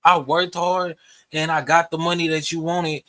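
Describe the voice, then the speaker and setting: A man's voice: fairly high pitch, flat delivery, moderate pace, fairly bright tone, no room sound. A young man, ranting profanely to camera in a heated, rambling way. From Texas. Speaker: vlogger. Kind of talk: casual rant to camera.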